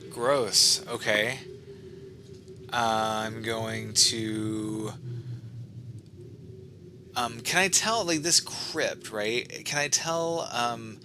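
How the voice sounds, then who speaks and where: A man's voice: mid-range voice, extremely slow, long pauses, noisy background. A man playing a tabletop game, thinking aloud hesitantly as he decides his moves. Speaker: player.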